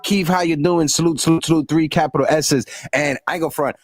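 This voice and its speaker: A man from New York hosting a casual sports livestream, animated and giving shout-outs with blunt slang. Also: fairly high pitch, fast, music in the background. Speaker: host.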